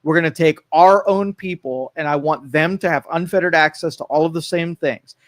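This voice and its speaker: A man co-hosting a local talk radio show in casual political talk, animated, acting out quoted voices and restarting often. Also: fairly high pitch, moderate pace, no room sound. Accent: Northeast Ohio. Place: radio studio.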